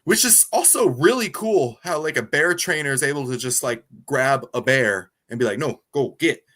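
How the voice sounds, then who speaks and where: Excitable man co-hosting a podcast. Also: mid-range voice, normal speed. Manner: excitable, talks through amusement. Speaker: movie review podcast co-host. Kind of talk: casual chat.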